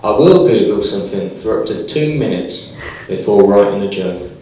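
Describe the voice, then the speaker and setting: A man performing a stand-up comedy set on a small club stage, delivering deadpan one-liners with hesitant fillers. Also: lowish voice, normal speed, a little hiss or hum. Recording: echoey, distant, dull live club recording.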